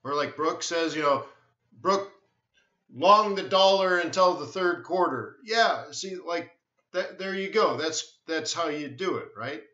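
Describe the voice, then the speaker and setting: A man's voice: on the high side, unhurried, pushed and bright. Blunt man in an echoey room. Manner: blunt, repeats words, emphatic. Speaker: forex trading webinar host. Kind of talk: live stream chat answering viewers. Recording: echoey room, dull lo-fi sound.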